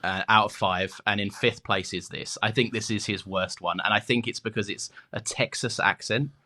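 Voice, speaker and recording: A man's voice: on the low side, steady tone, moderate pace, bright, forceful tone. A man co-hosting a podcast, talking animatedly with frequent hesitations. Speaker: podcast co-host. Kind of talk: casual chat.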